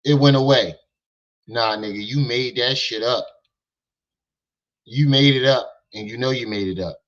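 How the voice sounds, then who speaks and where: A man's voice: medium pitch, measured pace, a bit bright, lo-fi sound. A man hosting a reaction stream who mocks and questions what he hears in disbelief. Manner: mocking, incredulous, repetitive questions. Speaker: reaction channel host. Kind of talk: mocking reaction commentary.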